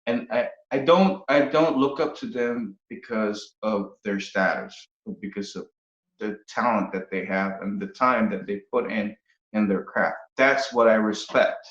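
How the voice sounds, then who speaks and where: Man from the Philippines, guest musician, halting casual talk; roomy, muffled podcast recording. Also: lowish voice, a bit bright. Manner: hesitant, restarts often. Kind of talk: casual interview chat. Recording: roomy, dull podcast audio.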